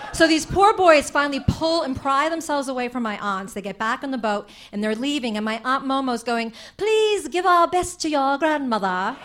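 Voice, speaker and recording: A young woman telling a comic personal story on stage, animated and chatty, with many fillers. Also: mid-range voice.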